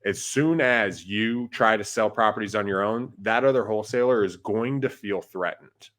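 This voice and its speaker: Low-voiced man giving casual podcast advice. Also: moderate pace, a bit bright. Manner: conversational, peppers talk with "right?" and "like". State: has the hiccups. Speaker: podcast co-host, wholesaling investor.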